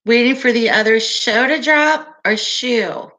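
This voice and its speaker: A woman hosts a relaxed livestream chat, her soft, calming voice unhurried and slow. Her tone is bright and clear, and she keeps it easygoing and giggly as she answers her viewers. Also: fairly high pitch. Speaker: livestream host.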